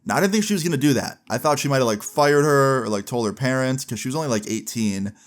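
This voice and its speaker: A young man spins a storytime for his channel in an easy, conversational voice that sits at an ordinary middle pitch. He talks candidly, peppering every sentence with "like" and the odd swear word. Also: lively intonation, quick pace. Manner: chatty and candid, heavy use of "like", casual swearing. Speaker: vlogger. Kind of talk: casual storytime narration.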